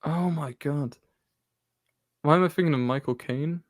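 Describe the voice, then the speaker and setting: A man's voice: on the high side, normal speed. A man co-hosting a casual film podcast, thinking aloud hesitantly as he guesses films. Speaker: podcast co-host. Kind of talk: casual chat.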